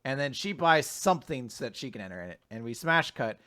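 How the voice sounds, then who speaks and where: A man co-hosting a casual recap podcast, animated and laughing often, acting out characters' lines in exaggerated voices. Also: mid-range voice, fast talker. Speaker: podcast co-host.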